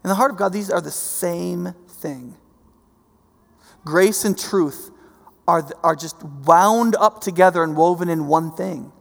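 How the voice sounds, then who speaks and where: A man preaching a sermon, animated, swinging from soft to loud and often repeating himself. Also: high voice. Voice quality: gravelly. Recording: long hall reverb.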